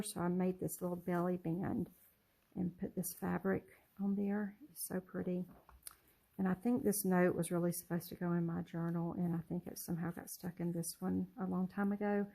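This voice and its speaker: Middle-aged woman rambling about her crafts, lots of ums, low gravelly mellow voice. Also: rough recording. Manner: soft-spoken and rambling, with many ums and self-corrections. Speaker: junk journal crafter showing her work. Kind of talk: casual show-and-tell vlog.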